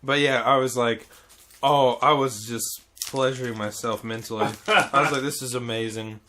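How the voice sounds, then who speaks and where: A man's voice: medium pitch, steady tone, normal speed, sharp tone, slight background noise. A man telling a classroom story in casual chat, laughing, swearing and shrieking as he quotes a child. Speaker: English teacher in Japan.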